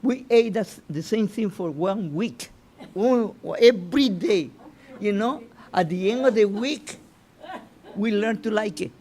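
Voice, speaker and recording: A man with a fairly high voice gives an unhurried, informal Torah lesson. He stops and restarts his phrases and keeps checking in with his listeners by asking "you know?". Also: animated, a little mellow. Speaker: rabbi teaching the weekly Torah portion.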